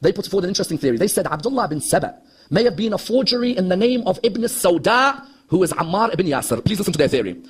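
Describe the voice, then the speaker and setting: A male preacher delivers a heated lecture on religious history at a rapid clip. His voice sits high and carries a husky edge. He throws rhetorical questions at his listeners and slips into the voices of the people he quotes. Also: sing-song. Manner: impassioned, rhetorical questions to the audience, acts out quoted dialogue. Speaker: Shia preacher.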